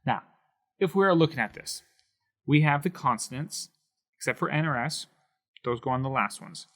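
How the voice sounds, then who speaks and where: A man explaining Spanish accent marks in a patient whiteboard lesson, slowing down to stress syllables. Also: mid-range voice, expressive, a bit bright. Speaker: Spanish teacher.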